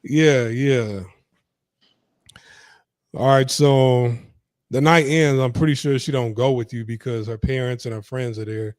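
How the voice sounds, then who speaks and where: A man's voice: medium pitch, fairly even intonation, unhurried, pauses often, a little mellow, no room sound, studio quality. A man hosting a podcast, asking questions in a laid-back, casual way and swearing now and then. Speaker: podcast host. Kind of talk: casual interview chat.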